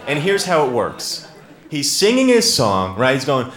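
A man's voice: mid-range voice, huge pitch swings, unhurried, a bit bright. A man performing a stand-up comedy set on stage, telling a self-mocking story with dry sarcasm. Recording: echoey live room with clear background noise.

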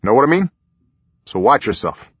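A man voicing a brisk, friendly older male president with a chummy, folksy manner, in a slightly muffled recording. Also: mid-range voice, very animated, a bit bright, breathy edge, dry recording, heavily acted. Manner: chummy, back-slapping, quick asides.

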